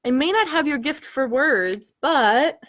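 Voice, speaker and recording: A woman's voice: high-pitched, expressive, measured pace, fairly bright tone. A woman voicing a carefree, earnest squirrel in a picture book read aloud.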